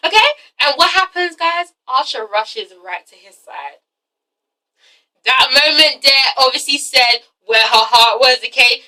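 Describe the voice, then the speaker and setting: A woman's voice: high-pitched, normal speed, far from the mic, rough recording. A woman casually recapping a TV episode, gossipy and profane, checking in with "okay?" as she talks. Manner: gossipy, animated, swears freely, often asks "okay?". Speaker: TV episode reviewer. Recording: voice set back from the mic.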